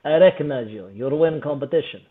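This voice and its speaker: A man's voice: on the high side, fast, natural voice. Give me a man playing a blunt, sore-losing Russian gym brawler with a Russian accent and clipped broken English, sounding thin as on a phone line. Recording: phone-like narrow band.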